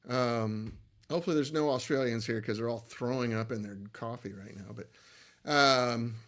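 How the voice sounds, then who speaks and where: A man's voice: mid-range voice, moderate pace, fairly bright tone. A middle-aged man hosting a casual livestream, talking in a loose, rambling, self-deprecating way. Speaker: livestream host, amp builder.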